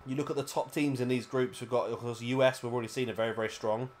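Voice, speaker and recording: A man's voice: medium pitch, fairly even intonation, fast, a little hiss or hum. A British man giving chatty, rambling play-by-play commentary over a wrestling video game, often correcting himself mid-sentence. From Britain. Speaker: gaming commentator.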